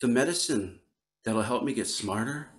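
A man's voice: mid-range voice, normal speed, natural voice. A man voicing an eager, know-it-all young boy in a spoken folk tale, earnest and pleading.

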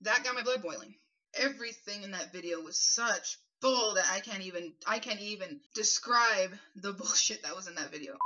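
Bright-voiced young man, blunt and indignant. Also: high voice. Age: 20s. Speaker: vlogger. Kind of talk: defensive vlog rebuttal. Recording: dull lo-fi recording.

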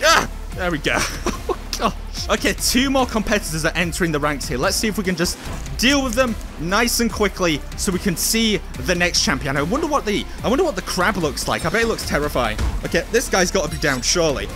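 A young man commentating his VR gameplay, excitable and exclaiming, with jokey asides to the enemies he fights. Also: sits high, brisk, music in the background. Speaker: gameplay host.

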